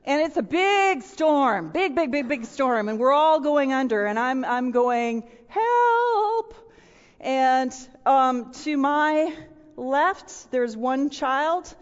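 A middle-aged woman giving a storytelling sermon to a room of listeners, animated and acting out voices and sound effects. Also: high voice, slow pace. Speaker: women's speaker. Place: large room with audience. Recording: dull, with long hall reverb.

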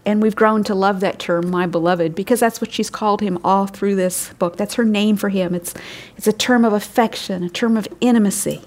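A woman's voice: fairly even intonation, a little fast, a little mellow. An older woman with a crackly voice, giving earnest devotional Bible teaching and lifting her voice on words she stresses. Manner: earnest, wondering, pitch rising for emphasis.

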